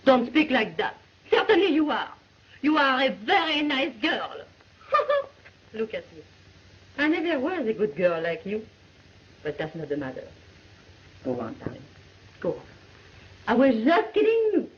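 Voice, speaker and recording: A coquettish cantina owner woman, laughing and teasing. Her high voice swings widely up and down. It comes through a muffled old film soundtrack with a faint hiss. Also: sing-song, a little slow, long pauses. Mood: tender. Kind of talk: 1930s film acting.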